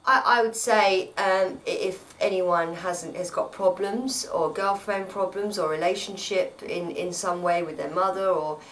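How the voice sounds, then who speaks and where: A woman's voice: lowish voice, a little slow, few pauses, fairly bright tone, recorded from a distance, rough recording. An actress chatting at home in an interview, rambling and often repeating her words. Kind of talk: casual interview chat. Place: at home, indoors.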